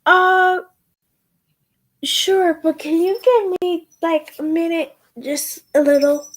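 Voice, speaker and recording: A woman voicing a shy young female dryad student in a tabletop role-play, speaking in a gentle, hesitant way. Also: very high voice, steady tone, slow, pitched above the performer's own voice.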